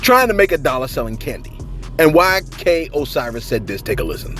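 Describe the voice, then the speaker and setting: Talking fairly quickly over loud music, a man dishes out slangy celebrity gossip. He's animated, throwing in big pitch jumps for emphasis.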